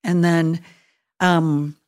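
A woman's voice: fairly low pitch, level tone, extremely slow, a little mellow. A middle-aged woman, a hospital chaplain, telling an emotional story in a casual podcast chat and acting out what she thought and said. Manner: earnest, emotional storytelling with acted-out inner voices.

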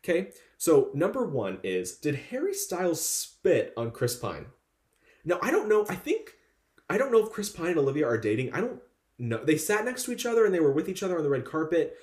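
Animated young man gossiping, lively voice. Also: fairly high pitch, a little fast, echoey room. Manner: animated gossiping, acts out quotes. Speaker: podcast co-host. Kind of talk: casual chat.

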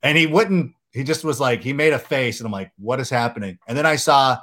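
A man with a mid-pitched voice hosts a casual podcast. He tells stories in an animated, jokey way and acts out quotes as he goes. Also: fairly quick. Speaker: podcast host.

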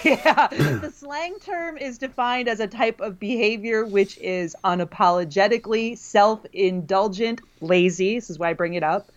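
A woman who teaches college writing, co-hosting a casual talk and laughing often between fillers. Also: mid-range voice. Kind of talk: casual conversation.

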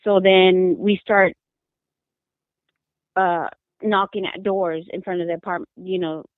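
Woman, grieving mother in an interview, halting and repetitive, lowish voice, dry tinny phone line. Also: fairly even intonation, no room sound. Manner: halting, repeats words, distressed. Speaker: mother of a missing daughter, interviewee. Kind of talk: emotional interview account.

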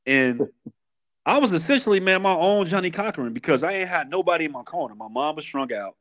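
Speaking a little high, brisk and somewhat bright, with lively intonation, a Chicago man in his thirties retells his earlier life on a podcast. The Chicago accent comes through in his candid, streetwise storytelling, which is full of restarts.

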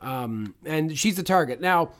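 A man with a slightly high voice co-hosting a movie-review podcast. He talks in an animated, casual way and often drops into comic impressions. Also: measured pace. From Canada. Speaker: podcast co-host.

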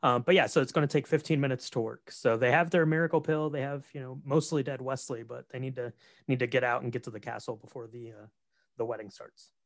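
A man co-hosting a casual podcast, retelling a film's plot with relaxed, rambling speech full of fillers. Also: medium pitch, quick pace, no room sound, studio quality. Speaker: podcast co-host. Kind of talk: casual movie recap chat.

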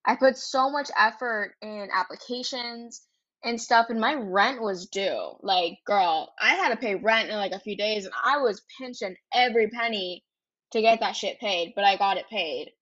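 A woman in her twenties with a medium-pitched, fairly bright voice hosts a podcast at normal speed, though the audio is dull. She tells a personal story candidly and chattily, swearing freely and tagging sentences with "like" and "right?"

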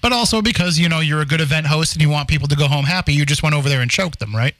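Slightly high-pitched male radio co-host. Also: very fast, fairly bright tone, no echo. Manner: thinks aloud with many restarts and "you know"s. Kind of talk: casual talk radio chat.

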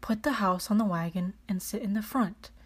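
A kind helper calmly reassures a crying dwarf that no burden is too heavy, as a woman reading a storybook gives it voice. It sounds like her everyday voice. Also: medium pitch, moderate pace, slightly rough, lightly acted. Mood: reassuring. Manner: reassuring, warm-hearted. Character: kind, comforting helper with a wagon.

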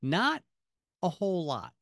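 A man's voice: sits high, sing-song, unhurried, vocal fry, a bit bright, no echo, clean studio sound. A man co-hosting a podcast in casual chat, rambling with many fillers and restarts. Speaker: podcast co-host.

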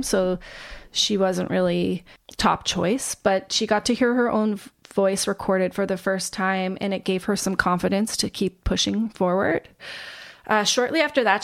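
A woman co-hosting a casual chat show, her voice carrying a steady vocal fry. She retells a story at an easy pace, loosely and with filler words. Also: mid-range voice. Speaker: podcast co-host.

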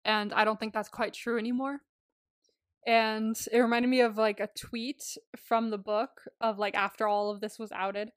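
Speaking at normal speed in a clear, resonant voice on the high side, a young woman co-hosting a podcast shows little pitch movement. She gushes in casual chat with frequent laughter and free swearing, recorded at studio quality without room sound.

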